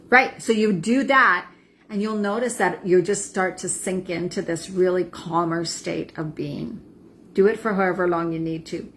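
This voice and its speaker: A woman in her forties, a wellness coach, calmly guiding a tapping practice and checking in with "right?" and "okay?". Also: on the low side, moderate pace, slight background noise. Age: 40s. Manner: soothing affirmations with frequent "right?" and "okay?". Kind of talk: guided self-help demonstration.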